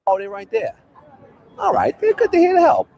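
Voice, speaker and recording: Man, Brooklyn accent, high pitch, loud and easygoing, faint street noise. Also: big pitch swings, moderate pace, vocal fry, some chatter behind. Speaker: traveler in viral airport clip.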